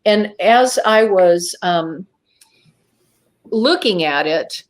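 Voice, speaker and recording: A woman's voice: on the low side, drawn-out words. Woman recounting a strange encounter. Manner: animated storytelling, acts out her own past thoughts. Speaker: guest. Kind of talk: telling a personal encounter story.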